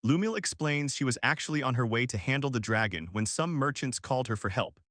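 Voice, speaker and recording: A man narrating a comic story recap in a casual, slangy, brisk scripted style. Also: medium pitch, animated, a bit bright, no echo, clean studio sound.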